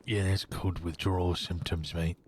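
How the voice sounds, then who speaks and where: A man's voice: sits low, level tone, normal speed, a little hiss or hum, close to an everyday voice. A man voicing a brash, swearing East End Londoner with a put-on Cockney accent who slips rhyming slang into role-play chat. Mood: cocky. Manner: swaggering, drops rhyming slang. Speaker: streamer's character.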